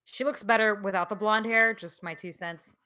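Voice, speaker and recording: A woman's voice: medium pitch, steady tone, normal speed, bright, forceful tone, clear, resonant tone. A woman co-hosting a casual podcast chat who swears freely and laughs often. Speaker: podcast co-host.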